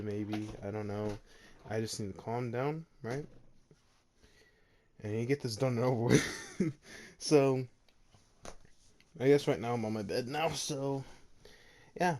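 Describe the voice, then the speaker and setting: Man retelling a fan story from his bedroom, rambling and full of fillers, with a mellow voice. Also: mid-range voice. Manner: rambling, filler-heavy, laughs often.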